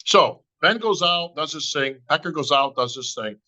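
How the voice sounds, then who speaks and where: A man's voice: fairly high pitch, expressive, normal speed, pushed and bright, poor audio. A middle-aged man, a bodybuilding emcee, telling a long story on a podcast and acting out both sides of the talk. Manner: acts out both sides of conversations, says "bro" and "right?" constantly.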